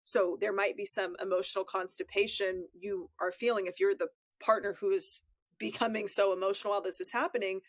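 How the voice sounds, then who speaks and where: A woman's voice: medium pitch, steady tone, brisk, no echo. Candid woman co-host, dry studio sound. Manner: candid, frank and reflective. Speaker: podcast co-host, therapist. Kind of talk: casual advice conversation.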